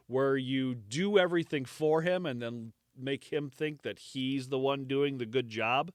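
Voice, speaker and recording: A man co-hosting a casual history podcast, telling the story in a joking, animated way. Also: mid-range voice, measured pace, few pauses, dry recording, studio quality. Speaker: podcast co-host.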